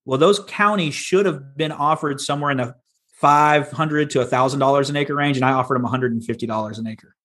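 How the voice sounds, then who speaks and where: Here is a man in his thirties, a podcast guest retelling his early business years. He talks in a plain, folksy way, animated as he acts out what he said back then, and his voice sits at an ordinary middle pitch. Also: brisk. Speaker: podcast guest, land investor. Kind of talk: casual storytelling interview.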